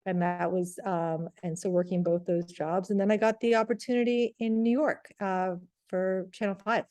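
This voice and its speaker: A woman in her thirties, a TV reporter telling her career story in a casual interview, rambling with lots of "like" and lively retellings. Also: mid-range voice, normal speed. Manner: rambling, heavy use of "like", animated retelling. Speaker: TV sports reporter, guest.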